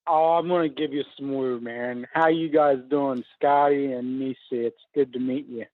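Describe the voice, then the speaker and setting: A man's voice: medium pitch, fairly even intonation, moderate pace, no room sound. Male caller from West Virginia, jokey and upbeat, thin phone sound. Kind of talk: casual storytelling. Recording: tinny phone line.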